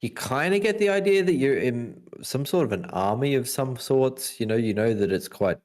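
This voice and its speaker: A man's voice: mid-range voice, expressive, normal speed, a little mellow. A man casually chatting about football during a game session, easygoing and laughing along. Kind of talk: casual chat while playing.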